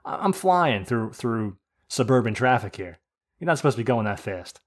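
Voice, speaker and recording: A man from the United States telling an animated, profane rant on a casual podcast. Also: medium pitch, moderate pace. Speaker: podcast host. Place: podcast studio.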